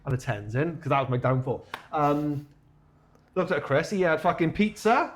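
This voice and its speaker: In a casual podcast chat, a Welsh co-host with a voice on the high side keeps a running story going at a moderate pace. Laughter and plenty of swearing fill his telling.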